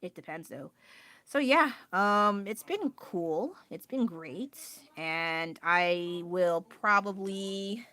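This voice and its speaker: A woman's voice: fairly low pitch, takes it slowly, sharp tone, dry recording. Chatty self-deprecating woman on a phone stream. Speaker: livestreaming artist. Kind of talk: casual chat. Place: home, indoors.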